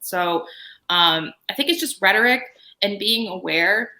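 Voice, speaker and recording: A woman speaking on a panel, telling animated stories about her security work. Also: medium pitch, unhurried. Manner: animated storytelling, quoting herself and others. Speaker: guest panelist. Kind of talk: panel discussion.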